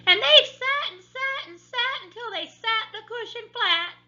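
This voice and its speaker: Woman doing a shrill, squeaky baby bear for a storybook, piercing bright tone, dull lo-fi sound. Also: animated, unhurried, heavily acted. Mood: whiny. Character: shrill squeaky little boy bear cub. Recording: dull lo-fi recording.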